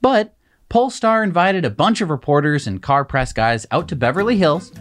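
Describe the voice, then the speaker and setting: A man's voice: fairly high pitch, animated, normal speed. A man co-hosting a casual tech news show, exasperated and mocking. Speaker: co-host.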